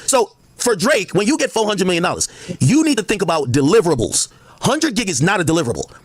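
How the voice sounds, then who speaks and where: A man's voice: high-pitched, sing-song, fast talker, breathy edge, no echo, clean studio sound. A man on a livestream arguing a point emphatically, repeating words as he cuts in. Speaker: streamer. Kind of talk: livestream debate.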